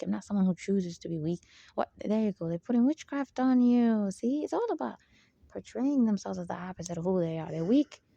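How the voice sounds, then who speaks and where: A woman hosts her own channel, delivering an emphatic spiritual monologue that rambles and digresses, full of asides and repeated "there you go"s. Her mid-range voice is creaky and warm, and the recording is muffled with no room sound.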